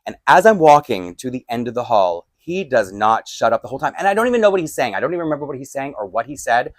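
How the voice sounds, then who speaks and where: A man telling a storytime vlog, acting out both sides of a heated argument and getting loud. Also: medium pitch, sing-song, quick pace, no room sound, studio quality. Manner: lots of fillers and restarts, laughs between lines. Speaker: doll collector vlogger. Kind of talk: storytime vlog, animated retelling. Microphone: desk microphone.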